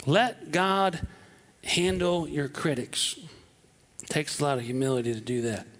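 Preacher guy, high bright voice, lively sermon, does little voices of the people he quotes. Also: unhurried. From southwest Wisconsin. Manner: animated, acts out quoted voices.

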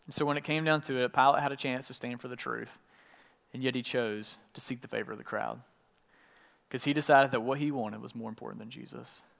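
Preacher in a long-echo hall. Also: male voice, medium pitch, fairly quick, creaky. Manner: retells scripture in casual paraphrase, with lively voiced quotes. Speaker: pastor. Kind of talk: sermon.

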